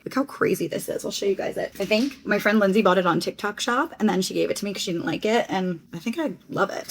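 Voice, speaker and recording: A young woman from Connecticut chatting casually to her phone camera in a rambling vlog, full of "like". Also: mid-range voice. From Connecticut, USA. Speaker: vlogger.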